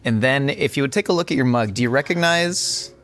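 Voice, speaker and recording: A man's voice: medium pitch, brisk, fairly bright tone. A man hosting a casual chat over afternoon tea, playful and laughing often. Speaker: host.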